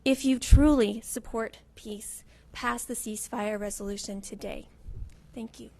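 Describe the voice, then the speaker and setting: A woman with a somewhat high voice addresses county commissioners during public comment. She pleads with them in a forceful manner. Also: steady tone, unhurried, gravelly.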